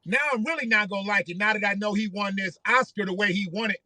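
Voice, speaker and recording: A man with a high, piercing, sharp voice talks quickly into a close microphone in a dry, dead-sounding, echo-free space. Hosting a livestream, he rambles through casual commentary, swearing freely and repeating his points.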